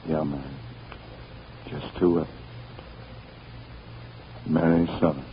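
A man's voice: a bass voice, flat delivery, slow pace, slight background noise. An actor playing a slangy, tough-talking man just out of jail who is tender with his sweetheart, in 1930s radio drama acting. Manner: slangy, plain tough-guy talk. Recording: dull lo-fi old radio recording.

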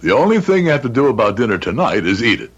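A man's voice: medium pitch, big pitch swings, fast talker, breathy edge, dull audio. An actor playing a jovial, chatty businessman husband in his forties. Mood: genial. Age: 40s. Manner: jovial, laughing, nostalgic. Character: genial, chatty 42-year-old businessman husband.

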